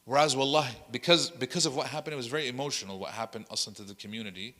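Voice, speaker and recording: A man's voice: mid-range voice, rapid-fire, bright, forceful tone, long reverb tail. A man, an imam, leading a workshop lecture, telling stories animatedly and acting out what people said, with Arabic phrases mixed into his English. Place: large hall at an Islamic center.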